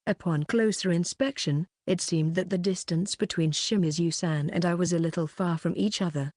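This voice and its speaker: A woman narrating a light novel audiobook, reading every character in a near-even voice. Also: lowish voice, normal speed, few pauses, no echo, studio quality.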